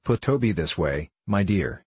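A jovial older locksmith with a deep, husky voice, read by a man. He teases and spins a story in good humour. The voice sounds dry and close. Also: animated, measured pace, darkish tone, no room sound, heavily acted. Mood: amused. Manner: hearty, teasing storyteller.

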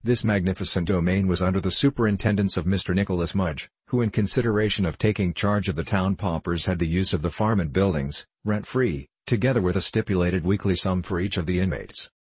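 A man narrating a classic novel in a measured, formal storytelling manner. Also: deep voice, a little mellow, breathy edge, no echo. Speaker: audiobook narrator. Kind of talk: scripted narration.

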